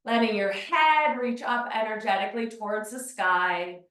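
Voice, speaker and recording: A woman teaching a beginner Pilates class, calmly talking the listener through each movement step by step. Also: medium pitch, normal speed. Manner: calm step-by-step movement cues. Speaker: Pilates instructor. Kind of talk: guided exercise class. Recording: very echoey room, mic far off.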